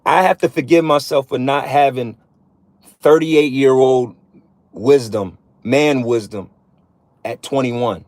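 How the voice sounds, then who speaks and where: A man's voice: mid-range voice, slow pace, a little mellow, dry recording. A man in his thirties preaching bluntly and profanely to other men, often tagging sentences with "man". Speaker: religious vlogger. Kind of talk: profane street-preaching monologue.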